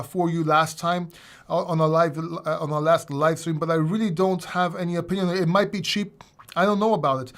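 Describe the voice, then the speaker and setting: Man, high voice, casual livestream host, self-mocking, rambling. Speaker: crypto channel host.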